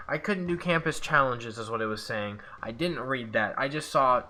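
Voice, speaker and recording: A man narrates his own football video game in casual play-by-play, like a sportscaster. His voice is bright and forceful, at an ordinary male pitch. He often breaks off to vent his frustration with sighs. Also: normal speed, slight background noise.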